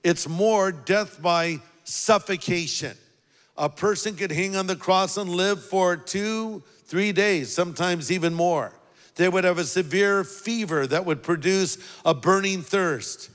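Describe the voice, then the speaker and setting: A man preaching a sermon as a pastor, earnest and deliberate, leaning on key words. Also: high voice, a bit bright, big-room sound.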